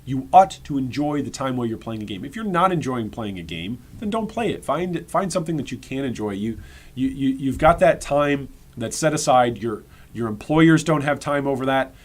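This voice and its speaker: A man's voice: mid-range voice, expressive, normal speed. An American man streaming live, reacting to game patch notes and talking straight to his chat in a rambling way, restarting and repeating words as he works through a point. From United States. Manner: talks directly to his chat.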